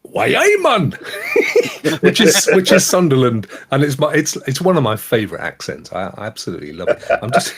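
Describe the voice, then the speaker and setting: A man's voice: mid-range voice, normal speed. A man co-hosting a gaming talk show, chatting casually and joking around with a lot of laughter. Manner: jokey, animated, laughs often. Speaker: podcast co-host. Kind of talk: casual chat.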